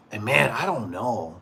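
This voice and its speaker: Tradesman, male, mid-pitched everyday voice; loose rambling anecdotes full of restarts. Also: vocal fry, bright, forceful tone, a little hiss or hum. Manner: rambling, full of fillers and restarts, acts out quotes. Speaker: garage door business owner. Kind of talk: casual storytelling chat.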